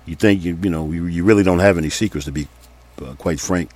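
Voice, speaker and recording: A man's voice: sits low, fast, a little mellow. A man giving sermon-style Bible teaching, reading scripture aloud and earnestly repeating his points for emphasis. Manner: reads scripture aloud between comments.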